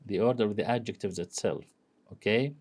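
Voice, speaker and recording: A man lecturing on English grammar, explaining slowly and filling pauses with "you know" and "okay?". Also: lowish voice, a little mellow, slightly rough. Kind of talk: recorded classroom lecture.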